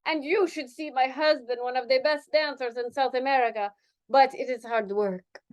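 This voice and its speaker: A woman's voice: high-pitched, steady tone, normal speed, natural voice. A woman reading aloud, voicing a boastful, theatrical woman dancer in a put-on mock Spanish accent and broken English. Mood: haughty. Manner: grand, haughty, broken English.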